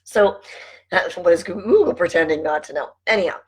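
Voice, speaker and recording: A woman's voice: fairly low pitch, normal speed, darkish tone, breathy edge, poor audio. A middle-aged woman talking casually to camera, chatty and rambling, laughing often as she goes off on asides. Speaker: vlogger and network marketing team leader.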